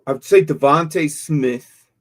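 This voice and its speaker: On a laid-back live stream, a man fields fantasy football questions from viewers. His voice sits a little high and moves a little slowly, and he muses out loud with frequent fillers and repeated words.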